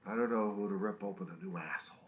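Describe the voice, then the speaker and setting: Man, low voice, angry video diary rant, profane, bitter, distressed, loud bursts then hushed. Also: racing, dull audio. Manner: profane, bitter, swings from loud outbursts to whispers. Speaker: video diarist.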